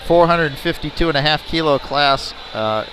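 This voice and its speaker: A man's voice: on the high side, moderate pace, fairly bright tone. Chatty man announcing a lifting meet. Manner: chatty, jokey asides between lifts. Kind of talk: live powerlifting commentary. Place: indoor competition venue. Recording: noisy arena ambience.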